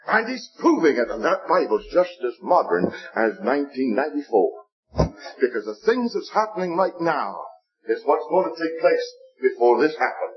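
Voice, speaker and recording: A man's voice: fairly high pitch, sing-song, moderate pace. An older man preaching a sermon, telling stories earnestly, repeating phrases and pleading with his listeners. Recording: dull lo-fi recording.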